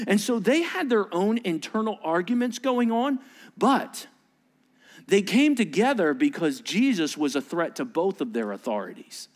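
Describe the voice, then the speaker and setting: A male pastor delivering a sermon, animated and joking, acting out little voices and sarcastic asides. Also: high voice, normal speed.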